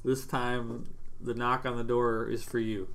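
Relaxed male interviewer. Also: mid-range voice, measured pace. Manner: relaxed, prompting questions. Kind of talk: conversational interview.

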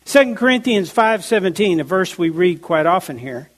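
A man with a high voice preaches a sermon, slowing down to lean hard on key words. He reads scripture aloud in a measured, deliberate way. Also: very animated. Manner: emphatic, slows down to stress key words. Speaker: pastor.

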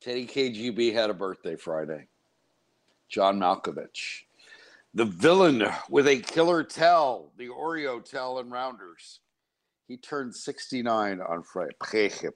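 A man's voice: medium pitch, animated, a little slow. A man hosting a radio talk show from a studio, speaking in chatty, digressive banter. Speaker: radio host.

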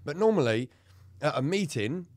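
A man's voice: on the high side, normal speed, no room sound. A man co-hosting a casual podcast, recounting his own experience candidly and swearing freely as he tells it. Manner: candid, swearing, animated storytelling. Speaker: podcast co-host.

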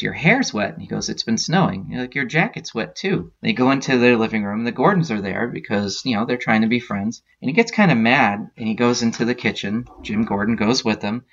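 A man's voice: fairly low pitch, creaky, a bit bright. A man hosting a podcast, casually retelling a comic book story scene by scene with plenty of filler words. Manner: retells scenes with quoted lines, many uh fillers. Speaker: podcast host. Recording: dull lo-fi sound.

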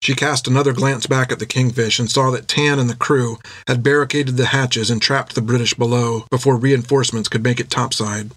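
A man reading an adventure novel aloud in steady, measured scripted narration. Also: medium pitch, no room sound. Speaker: audiobook narrator.

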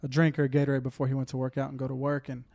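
Man with a flat, mellow voice. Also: mid-range voice, rapid-fire. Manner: heartfelt, fillers, holding back tears. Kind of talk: casual testimony chat.

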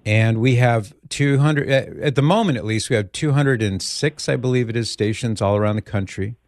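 A man hosting a call-in radio show, chatting gently with callers and leading a prayer. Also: mid-range voice, normal speed, no echo.

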